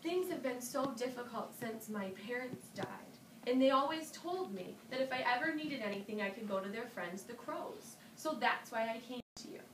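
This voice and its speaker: A woman's voice: on the high side, animated, normal speed, few pauses, natural voice. A woman voicing a sly, pleading male trickster spider in a children's story, whiny and wheedling. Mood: tearful. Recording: roomy, distant mic with ambient noise.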